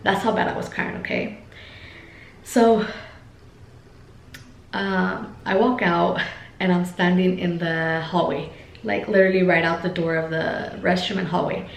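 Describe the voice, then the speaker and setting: A woman's voice: lowish voice, fairly even intonation, measured pace, creaky, long pauses, a little hiss or hum. A young woman telling a personal story to her viewers in a chatty vlog style, full of fillers and talking straight to the audience. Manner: chatty, many fillers, addresses viewers as guys. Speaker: vlogger. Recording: echoey room.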